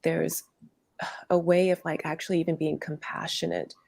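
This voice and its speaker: A woman interview guest who teaches workshops, talking gently in a meandering way with lots of fillers and restarts. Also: deep voice, flat delivery, normal speed, creaky, no room sound. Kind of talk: conversational interview.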